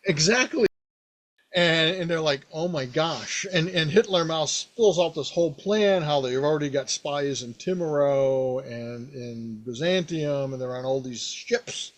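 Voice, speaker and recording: A man with a slightly higher-pitched voice tells a tabletop game story in a loose, rambling way. He is animated, stumbling through fillers and restarts as he recounts what his players did. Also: a little slow. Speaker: podcast host, game master. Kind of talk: casual storytelling about a past game.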